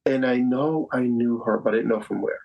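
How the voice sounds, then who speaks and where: A man's voice: medium pitch, brisk, gravelly, highs cut off. Earnest fifty-something man telling a story. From Staten Island, New York. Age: 50s. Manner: earnest, repeats phrases for emphasis. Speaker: psychic medium guest. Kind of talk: personal storytelling in conversation.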